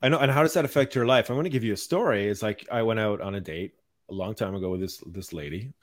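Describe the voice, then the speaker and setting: A man hosting a podcast, delivering a calm, mild-mannered rant in casual chat. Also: lowish voice, fast. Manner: even-toned, mild-mannered ranting. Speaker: podcast host.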